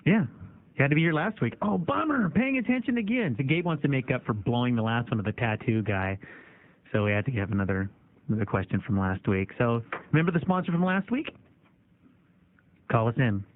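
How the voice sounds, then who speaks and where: A man's voice: mid-range voice, lively intonation, quick pace, a little hiss or hum. A man hosting a call-in radio show, joking and teasing callers. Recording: tinny phone-line radio audio.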